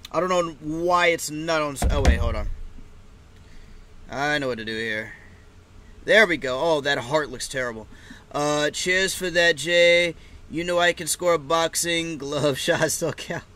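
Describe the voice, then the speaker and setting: A man calls the fight casually for his live stream audience, his voice pitched high and ringing very bright. He talks loosely, swears freely and erupts into shouts when a fighter goes down. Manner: excitable, swears, shouts at big moments. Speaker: live stream reaction host.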